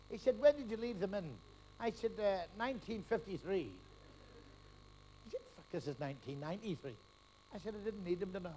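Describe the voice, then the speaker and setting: Comic on stage, high voice jumping all over the place, crude quickfire jokes, faint hiss on the old tape. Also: male voice, darkish tone, rough recording. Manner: rapid-fire joke telling with crude punchlines, laughing at his own gags. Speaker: stand-up comedian. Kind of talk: stand-up comedy routine. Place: live comedy stage.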